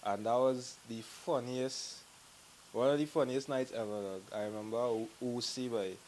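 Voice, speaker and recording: A man with a Trinidadian accent telling stories to the camera in a lively way, laughing and acting out what friends said. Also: mid-range voice, moderate pace, slight background noise, low-quality recording. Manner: animated, laughing, acts out quotes. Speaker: group member telling stories. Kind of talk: casual storytelling to camera.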